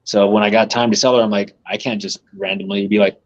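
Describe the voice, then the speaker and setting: This is a reptile breeder on a live podcast as a guest, rambling through profane stories in casual storytelling and laughing at them himself. His fairly low voice stays level, and he talks fast. The audio is dull.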